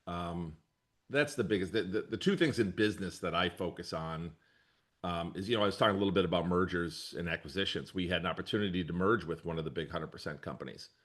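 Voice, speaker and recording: Deep-voiced middle-aged man. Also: quick pace, a bit bright. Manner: rambling, self-correcting, laughs easily. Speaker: brokerage leader. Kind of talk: casual interview answers.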